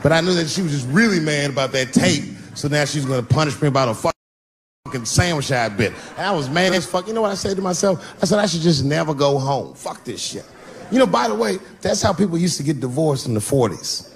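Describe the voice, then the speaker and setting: A man doing stand-up, telling family stories and acting out high, shouting voices for his son and wife, recorded live on a comedy stage. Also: lively intonation, fast, a faint crowd. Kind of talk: stand-up storytelling. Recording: live club set with audience noise.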